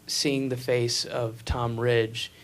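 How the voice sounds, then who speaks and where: A man's voice: medium pitch, little pitch movement, slow pace. A man doing a stand-up set, ranting profanely and sarcastically with mocking whispered asides. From United States. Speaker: stand-up comedian. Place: comedy club stage with laughing audience. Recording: live club recording, audience murmur and faint noise.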